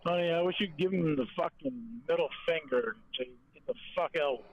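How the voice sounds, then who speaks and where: A man's voice: fairly high pitch, moderate pace. Foul-mouthed, exasperated man, lo-fi. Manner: heavy swearing, exasperated. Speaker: partner at home. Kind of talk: casual home talk.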